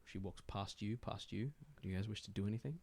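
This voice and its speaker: A man with a lowish voice runs a tabletop game as game master. He narrates the scene in loose, rambling descriptions, stopping often on fillers as he searches for the next word. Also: quick pace, gravelly, darkish tone, slight background noise.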